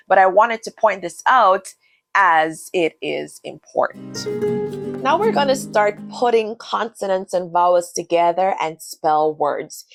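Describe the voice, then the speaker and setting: A woman teaches a beginner lesson at a deliberately slow pace, her pitch sitting in an ordinary middle range. She spells words out letter by letter and says each word carefully, so the listener can repeat after her. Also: dry recording. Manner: switches between English and Spanish, modeling pronunciation. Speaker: Spanish teacher. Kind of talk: scripted language lesson.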